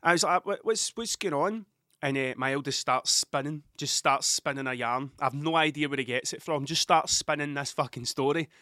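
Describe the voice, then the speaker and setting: A man's voice: mid-range voice, fairly even intonation, fairly quick, hardly any pauses, sharp tone, dry recording. A man with a Scottish accent in his thirties, telling a rambling, sweary story on his podcast into a close microphone. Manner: sweary, rambling, with frequent restarts. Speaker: podcast host. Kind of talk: casual storytelling monologue.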